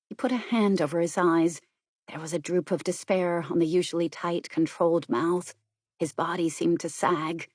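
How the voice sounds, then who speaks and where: A woman narrating an audiobook in an even, composed, scripted style. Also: on the low side, normal speed, breathy edge, dry recording, clean studio sound.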